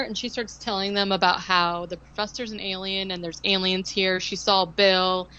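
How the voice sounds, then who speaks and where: A woman's voice: medium pitch, a little slow, a bit bright, muffled recording. A woman co-hosting a podcast, recapping a film in casual chat, rambling with lots of "like" and sarcastic asides. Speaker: podcast co-host.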